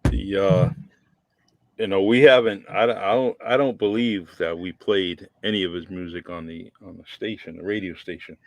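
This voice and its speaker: A man hosting a casual on-air radio chat, halting and full of fillers. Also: low voice, steady tone, gravelly. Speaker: radio host.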